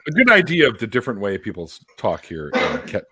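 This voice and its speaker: A man with a West Coast Canadian accent hosting a casual live-stream chat, relaxed and chatty. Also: lowish voice, fast, a crowd in the background. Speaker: host.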